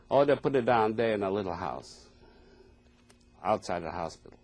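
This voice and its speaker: Husky-voiced elderly man. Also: lively intonation, darkish tone. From Poland. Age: older, 80s. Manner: halting, plain non-native phrasing, deeply earnest. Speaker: Holocaust survivor giving testimony. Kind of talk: oral history testimony.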